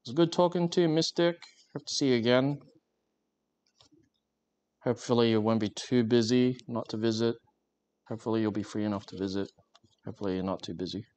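A man's voice: medium pitch, fairly quick, pauses often, a little mellow. A man chatting casually and joking with viewers while working on a craft during a live stream. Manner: rambling, joking, talks to chat while working.

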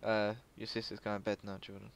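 A man's voice: lowish voice, completely flat delivery, fairly quick, gravelly, dull audio, slight background noise. A young man, making crude jokes and chatting casually while gaming. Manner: joking, crude, laughs often. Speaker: gamer.

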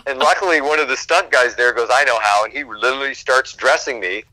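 A man, a guest actor, telling animated stories from film sets in a casual interview and acting out quotes, swearing freely. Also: mid-range voice, quick pace, low-quality recording.

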